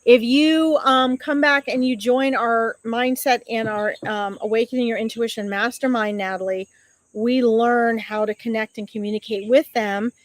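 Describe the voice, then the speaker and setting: A woman's voice: on the high side, fairly even intonation, normal speed, dry recording. A woman hosting a psychic live stream outdoors, chatting casually and affectionately as she reads out viewer comments and greets them with pet names.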